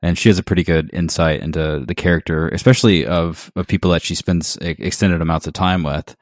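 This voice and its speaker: A man's voice: low-pitched, steady tone, a little fast, no room sound, studio quality. A man hosting a podcast, explaining his thoughts in a casual book discussion. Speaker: podcast host.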